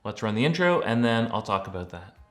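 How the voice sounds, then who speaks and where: A man speaking to his audience, explaining things in a relaxed, conversational way, with frequent small restarts and fillers. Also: on the low side, brisk, music in the background. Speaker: Christian blogger and teacher. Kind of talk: casual explanatory talk to camera.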